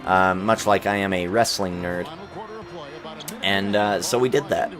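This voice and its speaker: A man's voice: deep voice, steady tone, measured pace, music in the background. A young man hosting a gaming video, chatting casually and rambling with lots of fillers and restarts. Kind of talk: casual chat over gameplay. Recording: crowd noise from the game behind. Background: basketball game crowd.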